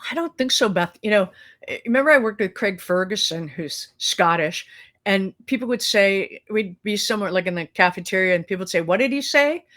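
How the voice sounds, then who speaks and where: A woman's voice: medium pitch, a little fast, a bit bright. A middle-aged woman co-hosting a live talk show over a video call, chatting casually and rambling with fillers and restarts. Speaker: co-host. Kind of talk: casual chat.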